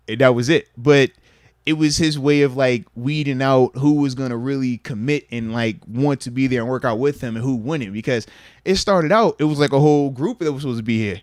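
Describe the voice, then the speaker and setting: A former football player in his thirties hosts a podcast, talking fast in casual chat and telling stories. He acts out quoted dialogue with big leaps in pitch and loudness, on a studio-quality recording with no echo.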